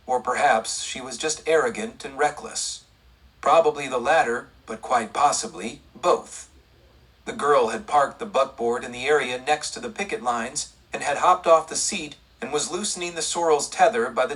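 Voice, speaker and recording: A man narrating a western audiobook in a steady, measured reading. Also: mid-range voice, husky, recorded from a distance, rough recording.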